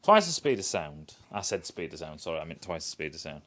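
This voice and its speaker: Sweary man ranting with lively pitch. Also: fairly quick. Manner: sweary and scornful, rambling with many restarts. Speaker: TV critic. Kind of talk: casual review monologue.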